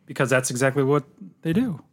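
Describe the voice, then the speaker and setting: A man in a casual film discussion who chimes in with quick remarks. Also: mid-range voice, animated, darkish tone. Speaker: podcast co-host.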